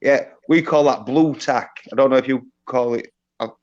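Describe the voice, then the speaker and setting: An English man chatting on a live stream, his talk halting and full of fillers as he circles back to his point. His voice sits at an ordinary middle pitch. It comes through a dull, lo-fi mic that dulls the top end. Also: darkish tone. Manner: hesitant, rambling with many fillers. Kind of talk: casual chat.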